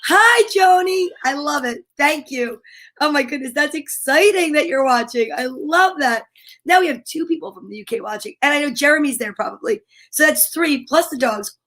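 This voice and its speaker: Bubbly high-voiced woman hosting kids' livestream. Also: normal speed, fairly bright tone. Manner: bubbly, sing-song, reads viewer comments aloud. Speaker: livestream storytime host. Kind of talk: chatty livestream for kids.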